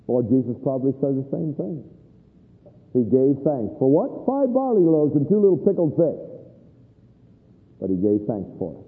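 An older man preaching a sermon as a pastor, telling stories animatedly, moving between hushed and emphatic passages. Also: medium pitch, very animated, normal speed, pauses often. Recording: tinny phone-like sound in a reverberant hall.

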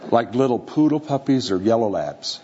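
Lively, animated male preacher. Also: medium pitch, normal speed. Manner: lively storytelling with acted-out voices and laughter. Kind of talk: sermon. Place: church or hall with a live audience. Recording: slightly dull recording with faint room noise.

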